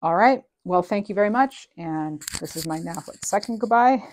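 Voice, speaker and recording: A woman's voice: medium pitch, lively intonation, normal speed, a little hiss or hum. A woman giving a casual, channeled tarot reading, chatty and meandering with frequent ums, reading card messages aloud. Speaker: tarot reader.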